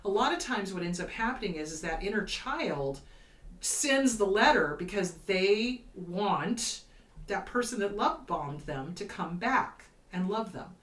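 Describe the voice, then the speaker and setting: A woman therapist talks through her advice with lively, swooping pitch and emphatic stresses. Her voice sits a little back from the mic in a roomy, echoing space, and she slips into quick acted-out voices as she explains. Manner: animated, emphatic, acts out quoted voices. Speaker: therapist host. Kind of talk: casual advice talk. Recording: roomy echo, slightly distant from mic.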